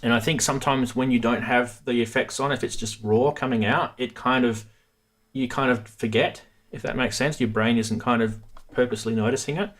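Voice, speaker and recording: A man's voice: medium pitch, steady tone, brisk. Casual male livestream host, talkative, swears offhand, laughs a lot.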